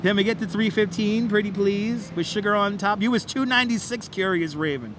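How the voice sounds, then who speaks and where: A man's voice: high voice, brisk, noisy background. A man hosting a live walking tour, cheering viewers on like an auctioneer in a playful, repetitive patter. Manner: auctioneer-style hyping of like counts. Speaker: livestream host. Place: outdoors on a city bridge. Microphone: wireless clip-on mic.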